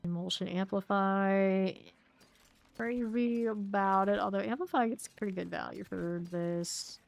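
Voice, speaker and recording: A woman's voice: mid-range voice, a little slow, gravelly. A young woman streaming a game, chatting casually with viewers, answering chat and laughing easily while she plays.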